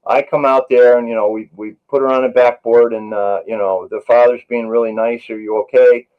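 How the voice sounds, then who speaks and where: Brief: male paramedic guest, mid-pitch, earnest anecdotal storyteller, slightly muffled lo-fi recording. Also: fairly even intonation, a little fast. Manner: earnest, anecdotal, many "you know" fillers. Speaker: paramedic and author, interview guest. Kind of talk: storytelling in a podcast interview.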